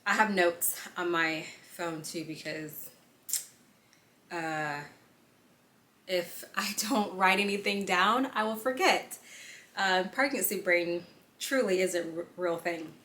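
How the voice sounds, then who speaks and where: A young woman talks through a casual vlog update with a bright, forward tone. She chats loosely with many fillers and sounds a little out of breath. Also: fairly low pitch. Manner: chatty, filler-heavy, quick asides. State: slightly out of breath. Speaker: vlogger. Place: indoors on a lunch break.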